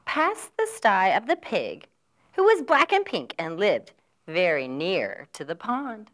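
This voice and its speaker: An American woman librarian reads a children's picture book aloud in a sing-song storytelling voice, adding animal sound effects. Her mid-range voice swoops wildly in pitch, moving slowly with a slightly bright tone.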